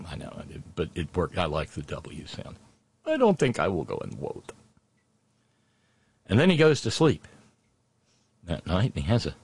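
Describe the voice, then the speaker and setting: A man's voice: lowish voice, slightly rough, no echo. A man telling a story in a rambling, sardonic monologue, full of restarts and fillers. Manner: halting, many restarts and fillers.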